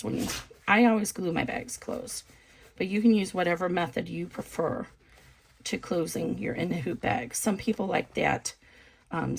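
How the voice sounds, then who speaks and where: A woman casually explaining a sewing project step by step, relaxed and chatty with frequent ums. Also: medium pitch, gravelly, husky. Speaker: sewing instructor. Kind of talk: casual craft tutorial.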